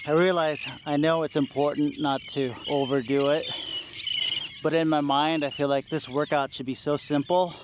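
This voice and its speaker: A man in his forties with a slightly high voice talks to his camera mid-workout, out of breath and puffing between sets. He pokes fun at himself, sighs, and keeps cheering himself on. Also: little pitch movement, moderate pace, background noise. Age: 40s. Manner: self-deprecating, encouraging himself, sighs and laughs between sets. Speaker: vlogger. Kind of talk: workout vlog talking to camera. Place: outdoors at a beach.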